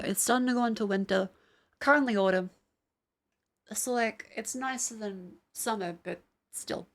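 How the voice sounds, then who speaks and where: A woman's voice: medium pitch, gravelly. A young adult woman streamer chatting casually and rambling, with many fillers and some swearing, while testing tracking gear. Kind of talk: casual live-stream chat.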